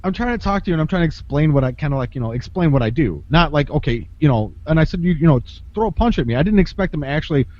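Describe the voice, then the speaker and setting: A man's voice: on the high side, lively intonation, rapid-fire, few pauses. A man telling a story in casual podcast chat, swearing freely, laughing often and acting out what people said. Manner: profane, laughs often, acts out quotes. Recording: dull lo-fi podcast audio.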